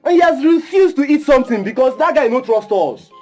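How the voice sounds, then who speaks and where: A scheming Pidgin kidnapper. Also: male voice, very high-pitched, animated, brisk, darkish tone, soft background music. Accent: Nigerian Pidgin. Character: restless young male kidnapper, scheming and jokey. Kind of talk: film drama acting.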